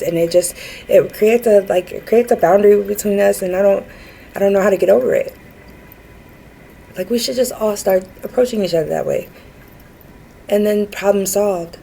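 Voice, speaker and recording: A woman's voice: medium pitch, moderate pace, vocal fry, pauses often, warm tone, slight background noise, poor audio. A woman vlogging a rambling personal rant, earnest and frustrated, with many fillers and restarts.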